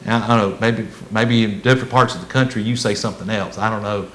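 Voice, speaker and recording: A man preaching a sermon as a pastor, in a folksy, conversational way that swings between loud emphasis and hushed asides. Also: lowish voice, steady tone, fast talker, slight background noise, low-quality recording.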